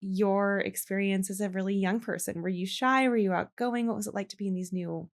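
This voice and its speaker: Podcast host, woman, mid-range pitch; casual and enthusiastic interviewer. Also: steady tone, fairly quick.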